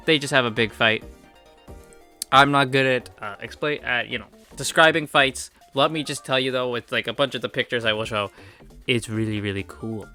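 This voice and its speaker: Male reviewer, bright edge, loose chatty delivery full of fillers. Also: mid-range voice. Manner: chatty and rambling, full of "like" and "you know". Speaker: manhwa reviewer. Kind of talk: casual chapter recap.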